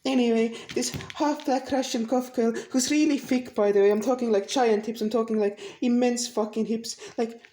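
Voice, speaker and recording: Young woman rambling crudely, slightly high. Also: fairly even intonation, normal speed, hardly any pauses, mellow, slight background noise, poor audio. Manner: crude, rambling and repetitive, swears often. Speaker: vlogger. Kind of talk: rambling solo vlog.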